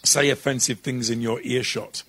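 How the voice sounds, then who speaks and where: Husky middle-aged British impressionist, animated. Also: male voice, mid-range voice, moderate pace, no room sound. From England. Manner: animated, slips into voices and laughs while telling stories. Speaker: impressionist guest. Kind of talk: interview storytelling.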